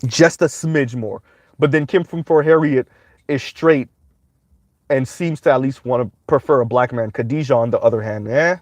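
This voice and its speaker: A man's voice: medium pitch, moderate pace, darkish tone, no echo. A man giving casual livestream commentary, rambling along with frequent "um" fillers.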